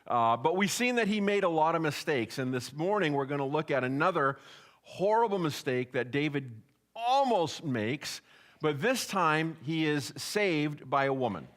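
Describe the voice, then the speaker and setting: A man's voice: on the high side, expressive, moderate pace, a bit bright. A man, a pastor, preaching a sermon in a church in a folksy, joking way, speaking straight to the congregation. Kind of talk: sermon with jokes. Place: church sanctuary.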